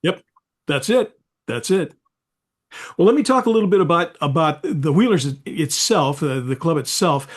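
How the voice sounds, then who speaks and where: Casual podcast host, man, slightly higher voice, conversational storyteller. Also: expressive, normal speed, breathy edge. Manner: chatty, warm affirmations, storytelling asides. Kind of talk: casual interview chat.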